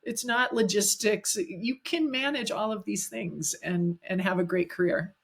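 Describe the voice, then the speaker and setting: A woman's voice: medium pitch, a little slow, creaky, husky. A middle-aged woman, a guest executive coach, telling earnest anecdotes in a casual interview.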